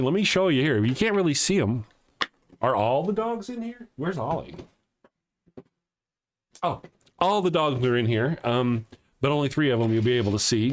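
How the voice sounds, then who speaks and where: Man, livestream host, casual chat, jokey, chuckles a lot, animated voice, mid pitch. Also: a little hiss or hum. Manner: joking, chuckles often, animated. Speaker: host of a live morning show. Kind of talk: casual livestream chat reading viewer comments.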